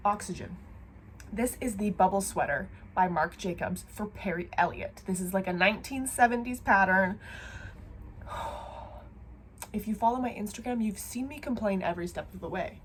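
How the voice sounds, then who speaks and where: A woman's voice: medium pitch, normal speed, a little hiss or hum. A woman with a cold chatting casually and swearing freely as she shows her knitting projects at home. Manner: chatty, profane, self-deprecating. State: has a cold. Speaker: knitting vlogger. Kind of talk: casual chat. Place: home, seated.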